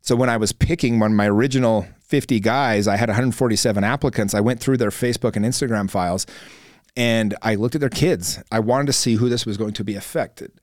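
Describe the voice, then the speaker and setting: A man's voice: on the low side, brisk, no echo, studio quality. A man hosting a podcast, giving an earnest motivational talk in a coaching tone, with frequent fillers and restarts. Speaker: podcast host. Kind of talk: motivational monologue.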